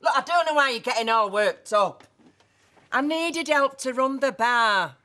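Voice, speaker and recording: An actress playing a landlord's exasperated wife in a television soap drama. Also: female voice, high-pitched, lively intonation, unhurried, bright, forceful tone, heavily acted. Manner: exasperated, dismissive.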